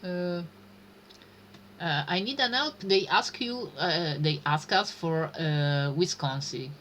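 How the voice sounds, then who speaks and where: Lady streaming a game, thinks out loud, slow and hesitant, kinda sharp bright tone. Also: fairly low pitch, a little hiss or hum. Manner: thinking aloud, hesitant muttering. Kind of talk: live-stream gameplay commentary.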